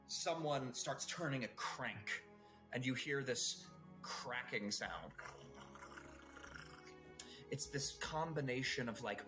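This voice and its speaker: Animated man narrating as game master. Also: medium pitch. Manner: descriptive, with fillers.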